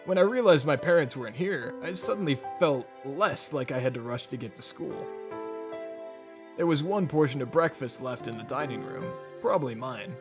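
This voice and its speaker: A man's voice: medium pitch, animated, normal speed, music in the background. A man reading a visual novel aloud to friends, laughing and swearing between lines. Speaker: reader voicing a visual novel.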